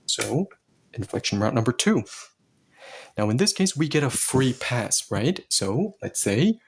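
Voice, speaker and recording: A man's voice: medium pitch, sing-song, a little slow, breathy edge. A man teaching Korean grammar to learners, explaining each step patiently and with a playful touch.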